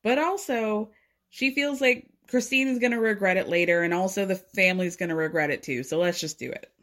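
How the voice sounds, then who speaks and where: A woman's voice: mid-range voice, fairly quick, fairly bright tone. A woman recapping a reality show in casual chat, sarcastic and swearing freely. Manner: sarcastic, swears freely, laughs between lines. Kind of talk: casual recap, snarky commentary.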